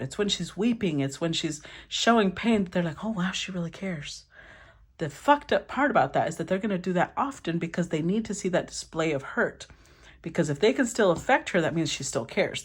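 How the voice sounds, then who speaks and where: A woman doing a casual tarot reading, with a fairly low, husky voice. Her pitch swings widely as she talks, and she speaks in a blunt, animated way. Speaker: tarot reader.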